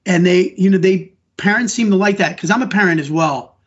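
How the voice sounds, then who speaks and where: A man's voice: high voice, brisk, breathy edge. A middle-aged man, an elementary school teacher, answering podcast interview questions in an earnest, rambling way, often restarting his sentences. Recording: dull lo-fi audio.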